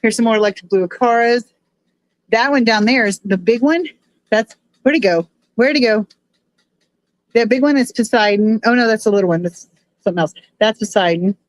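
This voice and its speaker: Frustrated and swearing plenty, a woman grumbles at her equipment while live-streaming her fish tanks from her phone in a home room with aquariums, talking to the chat as she goes. Her voice is a little high at a moderate pace, with no room sound and a rough recording.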